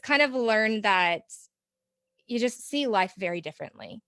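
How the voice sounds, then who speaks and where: An earnest woman, reflecting in a conversational interview. She laughs often as she speaks and sounds mid-pitched for a woman. The recording is dry and close, with no room sound. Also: expressive, normal speed, a bit bright, clean tone, dry recording. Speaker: podcast guest, parent mentor.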